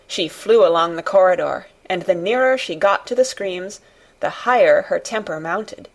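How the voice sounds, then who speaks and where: A woman reading a classic novel aloud as an expressive audiobook narrator. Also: on the low side, moderate pace, creaky. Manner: expressive storytelling. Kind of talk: scripted narration.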